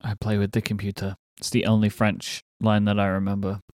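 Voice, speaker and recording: A man chatting on a podcast, relaxed and telling stories. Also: fairly low pitch, brisk, dry recording, studio quality. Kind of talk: casual podcast chat.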